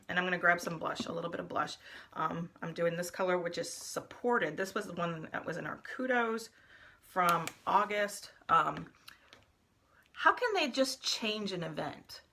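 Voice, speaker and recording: This middle-aged woman, a makeup vlogger, has a lowish, gravelly voice that sounds pushed and bright, with a little hiss or hum in the recording. She chats casually with viewers in a live session, guiding them step by step as she does her makeup.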